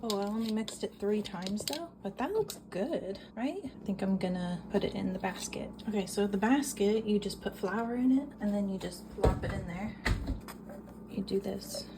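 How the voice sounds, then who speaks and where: A woman's voice: medium pitch, moderate pace. A woman chatting casually through a home baking vlog, upbeat and self-deprecating about her first attempt. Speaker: vlogger. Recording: noisy home recording.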